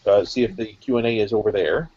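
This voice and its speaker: A man casually hosting a live online drawing event, reading out each artist's assignment slowly and plainly. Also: fairly low pitch, highs cut off.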